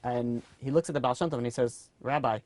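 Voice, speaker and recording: A man giving a storytelling sermon as a rabbi, earnest and animated. His talk is casual, with fillers and restarts, and the sound is dry and close. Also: mid-range voice, quick pace, no room sound. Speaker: rabbi teaching a class.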